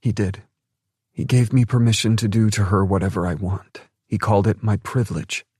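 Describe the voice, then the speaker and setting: A man's voice: fairly low pitch, normal speed, darkish tone, husky, dry recording, clean studio sound, voice pushed up. A man voicing a tense, haunted young woman in an audiobook, speaking in a strained, urgent way. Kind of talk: audiobook narration.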